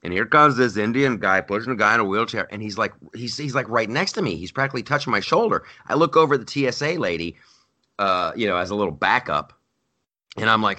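A man co-hosting a podcast, telling stories in casual chat with loud, animated outbursts. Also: lowish voice, a little fast. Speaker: podcast co-host. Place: lives in New York.

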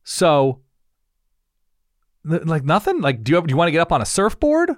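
This podcast co-host, a man in his thirties, has a fairly high voice with huge swings in pitch, captured in studio quality with no room sound. In casual conversation, he rattles off one probing question after another.

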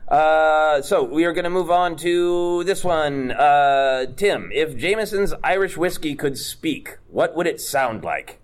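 A man's voice: fairly high pitch, lively intonation, slow pace, few pauses. A man hosting a casual chat, playful and mock-regal as he hands out questions. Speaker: host.

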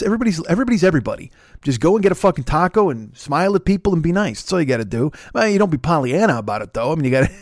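Middle-aged male podcast host, Chicago accent, salty and animated storyteller, higher pitch, dry close sound. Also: no echo. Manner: animated, swearing, laughing storyteller. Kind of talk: profane casual storytelling.

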